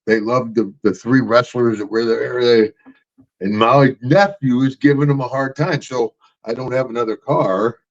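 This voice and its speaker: Mid-range in pitch and moderate in pace, a former wrestler from Louisiana swaps loud, laughter-filled stories on the podcast he co-hosts, voicing the characters himself. The audio quality is dull and lo-fi.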